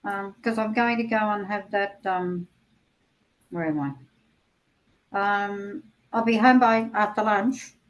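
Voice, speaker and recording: Woman participant on a video call, warm and affectionate, halting with fillers. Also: medium pitch, rough recording. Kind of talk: casual group chat.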